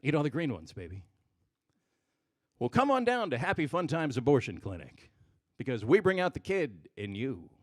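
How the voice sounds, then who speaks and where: A man voicing a smooth, soothing male commercial announcer with a soft, low delivery. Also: huge pitch swings, normal speed.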